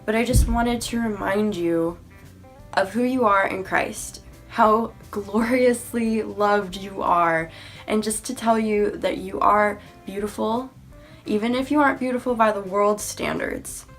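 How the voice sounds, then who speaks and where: A woman's voice: medium pitch, unhurried. Earnest young woman vlogger, faint music. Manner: sincere, uses many fillers like "you know" and "like". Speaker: faith vlogger. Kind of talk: earnest encouraging talk to camera.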